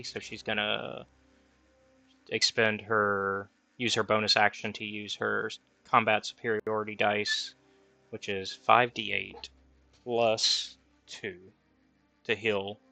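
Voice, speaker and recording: A man's voice: on the low side, little pitch movement, slow, gravelly, sharp tone, dry recording, soft background music. A man running a tabletop game as dungeon master, thinking aloud over the rules with fillers.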